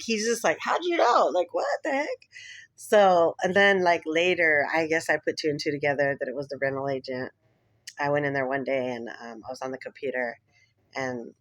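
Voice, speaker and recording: A woman vlogger rambling casually, full of fillers and quick laughs. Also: rumbling low, no echo. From Philippines heritage. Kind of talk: casual chat.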